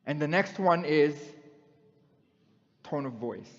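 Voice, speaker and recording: A man's voice: a little high, animated, slow pace. A middle-aged male preacher giving a conversational sermon and putting questions to the congregation. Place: church hall. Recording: dull sound in a long-echoing hall.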